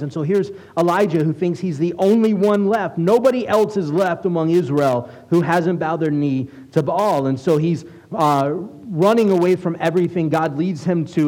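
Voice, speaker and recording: A man preaching a sermon as a rabbi, conversational and asking his listeners questions, reading scripture aloud slowly. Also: a little high, darkish tone, rough recording. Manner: conversational, asks the congregation questions.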